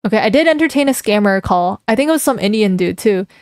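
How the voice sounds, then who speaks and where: A woman's voice: medium pitch, lively intonation, quick pace, darkish tone, no echo, studio quality. A young woman streamer chatting casually with her live chat, giggling and reading comments aloud before reacting to them.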